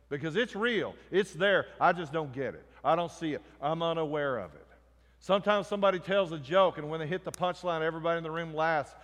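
A man preaching a sermon, swinging between loud emphatic lines and quiet ones. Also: fairly high pitch. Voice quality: emphatic, rising and falling in volume. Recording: echoey hall reverb.

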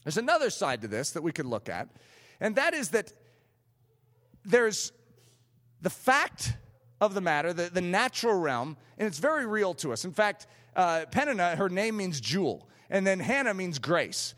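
Fervent high-voiced man preaching in a hall. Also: very animated, normal speed, fairly bright tone. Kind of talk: sermon. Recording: long hall reverb.

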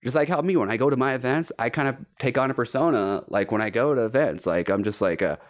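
A young man from the Los Angeles area, a podcast guest chatting casually, animated and quick to laugh, swearing freely. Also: medium pitch. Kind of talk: casual chat.

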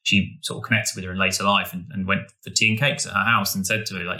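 A man's voice: low-pitched, fairly even intonation, fast talker, pushed and bright. A man co-hosting a podcast, talking in an enthusiastic, rambling way with many restarts. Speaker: podcast co-host. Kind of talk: casual podcast chat.

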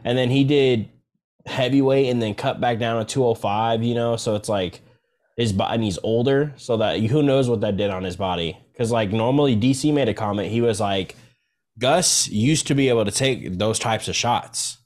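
A man's voice: medium pitch, moderate pace, darkish tone. A young man co-hosting a casual sports chat, laid-back and slangy, with many fillers. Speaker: podcast co-host.

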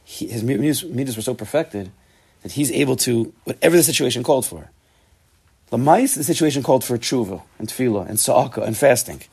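A man giving a Torah class, animated and emphatic, often restarting his sentences. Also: mid-range voice, brisk, husky. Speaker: Torah teacher.

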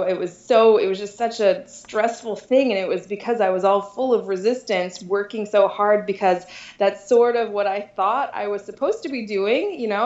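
A woman's voice: medium pitch, darkish tone, roomy sound, dull audio. A woman being interviewed as a dating coach, chatting casually, laughing often and restarting her sentences. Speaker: podcast guest, dating coach.

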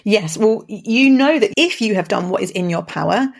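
Calm, encouraging woman. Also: mid-range voice, brisk, creaky. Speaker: podcast co-host. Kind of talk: casual conversation.

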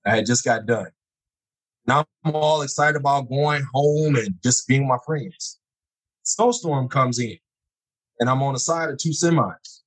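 A middle-aged man telling personal stories in conversation, acting out scenes with sudden high exclamations. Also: slightly rough, low-quality recording. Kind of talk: animated storytelling in conversation.

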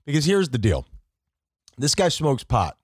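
A man's voice: medium pitch, huge pitch swings, a little slow, slightly rough, no echo, studio quality. A hungover man in his thirties, co-hosting a casual comedy podcast, telling exasperated, profane stories. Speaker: podcast co-host.

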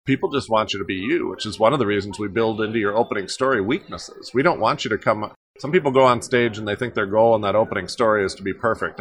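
A man's voice: lowish voice, fast talker, fairly bright tone, a little hiss or hum. A man who coaches speakers, guest on a podcast interview, talking emphatically and repeating phrases for effect.

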